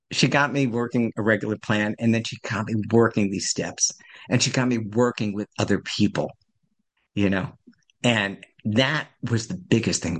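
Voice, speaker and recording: A man in his sixties telling his recovery story at a support meeting, rambling and self-deprecating. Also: fairly low pitch. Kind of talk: personal recovery share.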